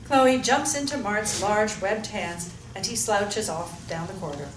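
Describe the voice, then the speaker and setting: A woman reading stage directions aloud in an even, descriptive way. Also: medium pitch, measured pace. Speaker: narrator. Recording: echoey room, mic far off, faint hiss.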